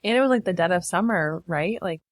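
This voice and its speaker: A woman's voice: lowish voice, animated, brisk, dry recording. A woman co-hosting a podcast, chiming in with questions and short reactions in casual chat. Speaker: podcast co-host.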